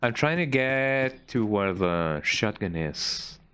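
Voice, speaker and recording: A man's voice: on the low side, expressive, takes it slowly, bright, forceful tone, a little hiss or hum. A man giving casual, rambling gameplay commentary while streaming, often tagging his sentences with "eh?" and restarting them. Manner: rambling, frequent "eh?" tag and restarts.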